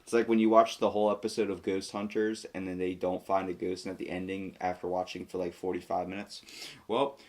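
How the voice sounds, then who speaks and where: Deep-voiced man co-hosting a podcast. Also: level tone, fast talker, hardly any pauses. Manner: reads facts aloud then riffs jokingly, with fillers. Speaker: podcast co-host. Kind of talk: casual podcast chat.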